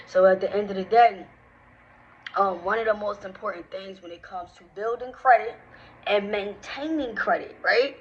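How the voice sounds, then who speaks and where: A woman's voice: medium pitch, normal speed. A woman in her thirties, a credit management business owner, giving a casual motivational talk with direct, slangy, emphatic speech that repeats points for emphasis. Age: 30s. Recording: slightly dull sound with faint noise.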